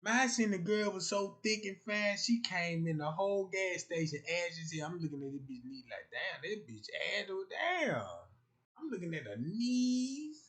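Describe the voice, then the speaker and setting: A man's voice: high-pitched, animated, normal speed, hardly any pauses, a bit bright. A young man, rambling loosely on a casual livestream and acting out the voices he quotes.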